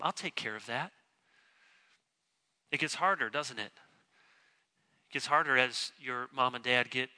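A man preaching a sermon as pastor, emphatic and lively, acting out short quoted lines to his congregation. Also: mid-range voice. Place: church sanctuary.

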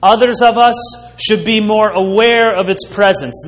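A man preaching a sermon as a pastor, slow and emphatic, with dramatic pauses. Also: high-pitched. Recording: long hall reverb.

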